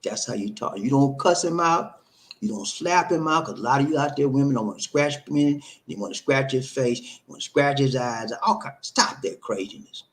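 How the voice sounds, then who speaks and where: A man's voice: mid-range voice, normal speed, rough recording. A man hosting a live stream, giving relationship advice in an emphatic, repetitive, preacher-like cadence. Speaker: host.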